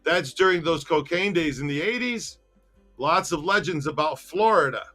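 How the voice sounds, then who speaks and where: A man's voice: fairly high pitch, moderate pace, bright, forceful tone, faint music behind. A man hosting a casual podcast, laughing often and teasing his co-host while reading out viewer comments.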